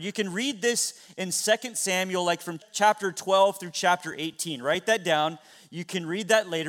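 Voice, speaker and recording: A man pastor preaching a sermon, retelling a story with dramatic swings between loud and soft. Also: sits high.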